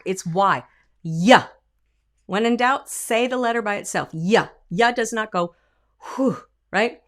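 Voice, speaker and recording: Emphatic woman vocal coach, demonstrating. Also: medium pitch. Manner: lively, emphatic teaching with sung and spoken examples. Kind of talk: vocal lesson with sung demonstrations.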